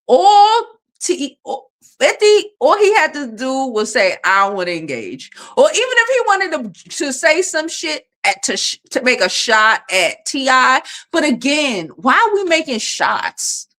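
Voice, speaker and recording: A woman's voice: high-pitched, unhurried, hardly any pauses. A woman hosting a casual livestream from her phone, talking bluntly and with plenty of swearing while she reads out viewer comments. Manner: blunt, profane, animated. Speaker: livestream host.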